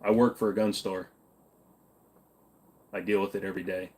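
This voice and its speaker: A young man from Virginia, USA, runs a casual livestream, reading comments from viewers and replying bluntly and spontaneously, now and then with a curse. He has a deep, a little mellow voice with a level tone and normal speed.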